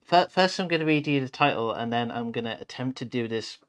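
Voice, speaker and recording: A man's voice: medium pitch, lively intonation, a little fast, fairly bright tone. A man co-hosting a community live stream, who reads out the schedule and introduces a picture book in a playful, self-mocking way. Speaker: co-host.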